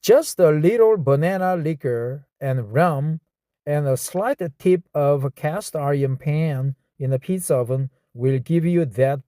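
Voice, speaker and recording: A man from South Korea, whose first language is Korean, practicing an English script aloud with a Korean accent, slowly repeating words and phrases and correcting himself mid-word. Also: on the high side, warm tone, dry recording, studio quality. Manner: slow, repeats words and phrases over and over to drill them. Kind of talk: reading practice with self-commentary.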